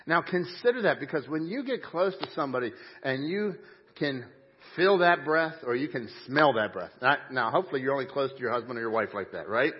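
A man's voice: medium pitch, lively intonation, brisk, slightly rough. A man pastor preaching a sermon in church, emphatic with folksy asides and audible huffing breath. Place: church sanctuary. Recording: dull muffled audio.

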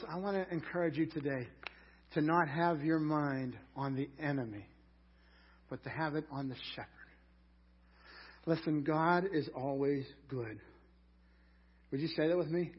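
A man preaching a sermon in a conversational way, rising loud on scripture lines. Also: medium pitch, slightly rough, highs cut off. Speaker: pastor.

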